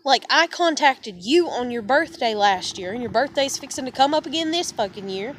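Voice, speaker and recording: High-voiced woman with a drawl, venting. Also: lively intonation, moderate pace, a little hiss or hum. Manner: profane, heated, rambling. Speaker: vlogger. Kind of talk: venting monologue to camera.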